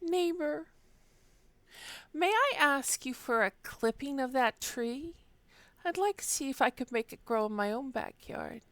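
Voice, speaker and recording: A woman doing a politely deadpan Roman neighbor. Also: sits high, a little slow, dry recording, voice pushed up. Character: coolly callous man, a dry ancient Roman neighbor.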